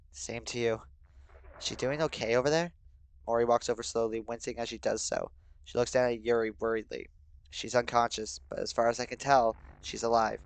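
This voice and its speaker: A young man streaming and reading a game story aloud, shifting between steady narration and sudden excited, swearing outbursts. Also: mid-range voice, smooth, no room sound, low-quality recording. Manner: reads narration in a steady, subdued voice.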